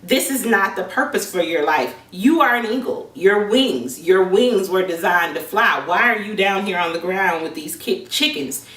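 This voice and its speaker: A woman's voice: on the low side, fairly bright tone. A woman voicing a wise older eagle who urges and encourages, in a raised, persuasive voice, recorded with a roomy echo from a distance. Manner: urgent, uplifting persuasion.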